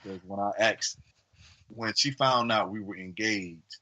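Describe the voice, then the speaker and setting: A man co-hosting a podcast, telling a long story in a casual, rambling way with many fillers and lively acted-out voices. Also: fairly low pitch, a little slow, poor audio. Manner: animated, acts out quoted voices. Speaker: podcast co-host.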